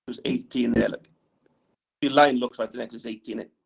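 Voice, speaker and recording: An engineering teacher leads his class through a drawing exercise on the board, his gravelly, creaky voice at a middling pitch with fairly even intonation and a slightly fast pace. He keeps tagging his explanations with "right?" as he draws, and sometimes turns away from the mic.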